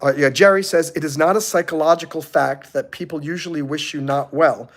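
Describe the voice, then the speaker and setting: A middle-aged man on a motivational live stream, telling animated stories and acting out the people he quotes. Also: on the high side, a little fast.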